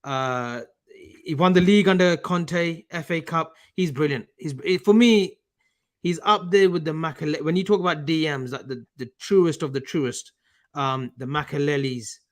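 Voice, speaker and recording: A man co-hosting a casual live-stream chat, animated and bantering. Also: a little high, moderate pace. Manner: animated, banters and argues over pronunciation. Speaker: co-host.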